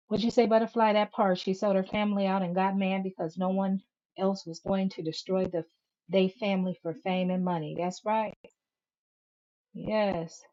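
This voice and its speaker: A woman's voice: mid-range voice, dark tone. Sassy woman host reading live comments. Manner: sassy, emphatic, reads comments aloud. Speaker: channel host. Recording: dull lo-fi stream audio.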